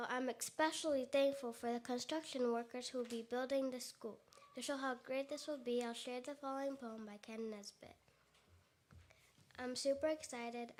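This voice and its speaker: High-voiced speaker reading a poem aloud. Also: female voice, rough recording. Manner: earnest, careful recital. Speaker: student speaker.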